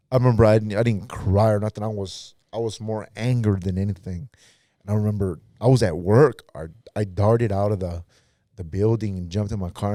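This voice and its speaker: A man's voice: fairly low pitch, warm tone, no room sound, clean studio sound. A pastor guest in a podcast interview, telling his own story in a casual, earnest way and acting out what others said.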